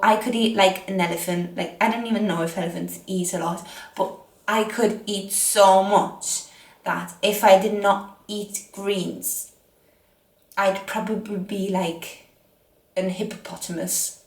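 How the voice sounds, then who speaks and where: Slow, chatty young Italian-accented woman. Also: medium pitch, fairly even intonation. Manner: chatty, self-mocking, rambling asides. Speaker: fitness vlogger. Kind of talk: casual advice chat. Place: home, seated on a chair. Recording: echoey room.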